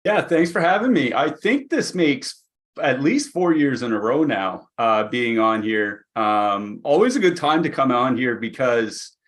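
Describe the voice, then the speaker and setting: A man appearing as a guest commentator, easygoing and halting, with many fillers. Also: medium pitch, expressive, a bit bright. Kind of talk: casual podcast chat.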